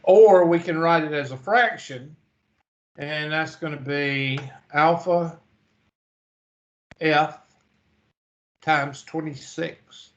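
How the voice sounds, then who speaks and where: Drowsy and yawning, a man with a fairly high pitch leads a calculator walkthrough in a math lecture. The highs are cut off in the recording, and he reads each digit and step slowly and methodically.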